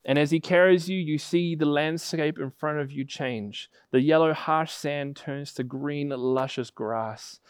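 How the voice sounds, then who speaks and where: Smooth-voiced man preaching a story sermon. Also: fairly high pitch, a little slow, few pauses, dry recording, clean studio sound. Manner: storytelling, vivid and building in intensity. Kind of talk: sermon with a spoken illustration.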